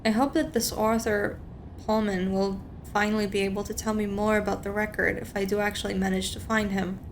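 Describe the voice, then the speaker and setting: A woman's voice: mid-range voice, flat delivery, brisk, slight background noise. A woman streamer reading a story game aloud, with chatty, rambling asides.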